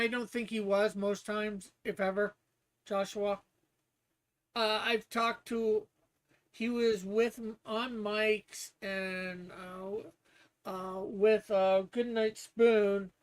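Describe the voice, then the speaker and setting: Rambling casual streamer. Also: medium pitch. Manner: rambling, with restarts and laughs. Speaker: streamer hosting a guessing game. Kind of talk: casual livestream chat.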